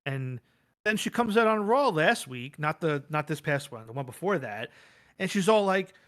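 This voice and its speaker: Co-hosting a livestreamed wrestling talk show, a man speaks at normal speed in a voice that's a little high. He keeps things casual, animated, and rambling, acting out quotes as he talks.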